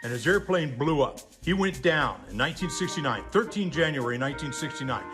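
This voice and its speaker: A man's voice: a little high, lively intonation, brisk. A man in his sixties, a retired army general, bluntly addressing the camera in a political ad. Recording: voice over background music.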